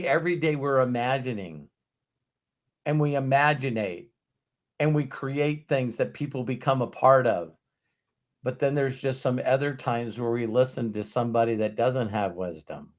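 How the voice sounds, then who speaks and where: A middle-aged man hosts a motivational show in a loose, storytelling way. He acts out what other people said and drops the odd swear word, his pitch ranging widely as he goes. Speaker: host. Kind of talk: motivational talk.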